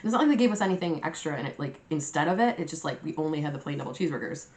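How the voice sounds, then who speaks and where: Young woman vlogger, low-pitched, casual swearing storyteller, roomy echo. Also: racing. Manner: chatty and animated, swears freely, laughs often. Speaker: mukbang vlogger. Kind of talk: casual storytime chat to camera. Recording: roomy echoey room.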